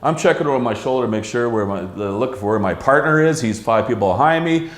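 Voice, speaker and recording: A middle-aged man hosts a casual talk show from a pub. He rambles through his stories with plenty of uhs and a lot of swearing. His voice sits at a middling pitch, and the room's echo hangs around every line. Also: animated, quick pace. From Canada. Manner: rambling, profane, lots of uh fillers. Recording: echoey pub room.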